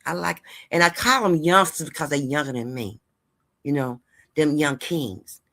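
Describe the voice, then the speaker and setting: A woman's voice: low-pitched, moderate pace, a bit bright. A woman hosting her channel in a casual vlog monologue, chatty and rambling as she talks straight to her viewers and hands out heartfelt life advice. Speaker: host of a gossip and news channel.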